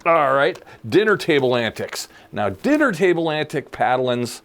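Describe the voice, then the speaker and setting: A man in his forties or fifties, co-hosting a podcast in casual chat, an animated storyteller who laughs often and acts out the people he quotes. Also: a little high, moderate pace. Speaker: podcast co-host.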